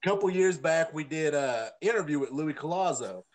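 A man's voice: fairly high pitch, lively intonation, moderate pace. A man, co-hosting a podcast and telling a story in casual, profane chat with a lot of laughter. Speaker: podcast co-host.

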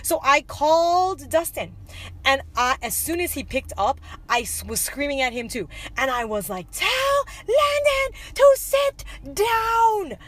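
A woman's voice: high-pitched, normal speed. A woman in her thirties co-hosting a podcast, telling a story in casual chat and acting out the quotes as she goes. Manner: animated storytelling, acts out quotes. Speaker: podcast co-host.

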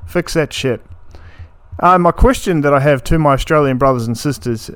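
A man's voice: a little high, normal speed, fairly bright tone, clean tone, no room sound. A man in his thirties, from New Zealand, hosting a solo podcast in a blunt, sweary, ranting way. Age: 30s. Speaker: podcast host.

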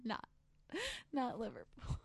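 A woman co-hosting a casual podcast, speaking slowly and hesitantly and laughing often. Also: on the high side, sing-song, creaky, a little mellow, slightly rough, no room sound. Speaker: podcast co-host.

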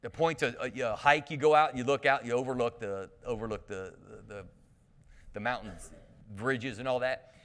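A man's voice: mid-range voice, moderate pace. A male pastor giving a sermon, telling camp stories with humor and calling out to the congregation. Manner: lively storytelling with humor and call-outs to the congregation. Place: church sanctuary. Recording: long reverb of a church hall.

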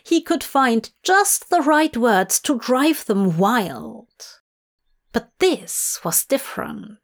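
A woman narrating a fan fiction audiobook in a soft, measured storytelling manner. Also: on the high side, sing-song. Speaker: reader.

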